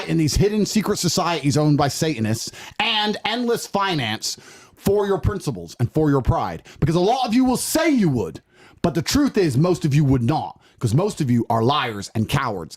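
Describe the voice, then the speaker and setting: A man with a high, lively voice lecturing in a preachy, mock-serious tone. He presses his listeners with rhetorical questions. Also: normal speed, husky. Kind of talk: casual chat.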